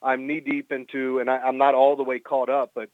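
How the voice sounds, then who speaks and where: Fast-talking man on a tinny phone line. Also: medium pitch, monotone, no room sound. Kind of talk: casual chat.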